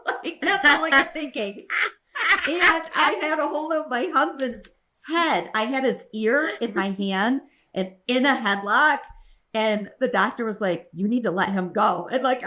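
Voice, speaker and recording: Woman, podcast co-host, candid blunt storyteller, lively pitch, fairly high voice. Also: moderate pace. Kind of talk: casual chat.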